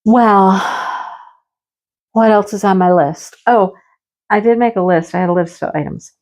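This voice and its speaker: A middle-aged woman in a casual home-office chat, telling stories in a chatty, animated way. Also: mid-range voice, unhurried. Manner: chatty, storytelling, animated exclamations. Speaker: craft vlogger.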